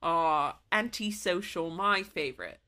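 A woman's voice: lowish voice, unhurried, pushed and bright. A woman voicing a sardonic male school guidance counselor in a put-on British accent, teasing and cutting. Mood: mocking.

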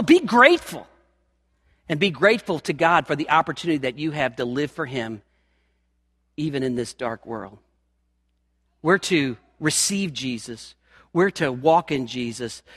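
A man preaching a sermon as pastor of his church, emphatic, climbing in pitch and force as he presses his points. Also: a bit bright, big-room sound. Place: church sanctuary.

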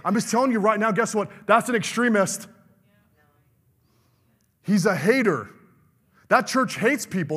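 A man's voice: sits high, measured pace, pauses often, fairly bright tone, slightly rough, in a large hall. A middle-aged male pastor preaching a fervent sermon, calling out to the congregation for amens.

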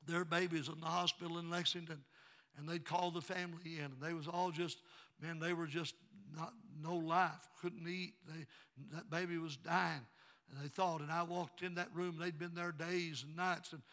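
A man, preaching a sermon and telling stories, swinging from quiet narration to shouted praise. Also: on the high side, flat delivery, moderate pace. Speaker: pastor. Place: church sanctuary.

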